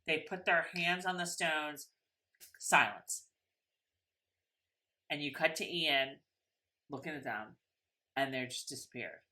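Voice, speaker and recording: Woman co-host, casual recap talk, lower pitch, bright edge, rambling and animated. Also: slow, long pauses. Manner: chatty, animated, lots of fillers. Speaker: podcast co-host.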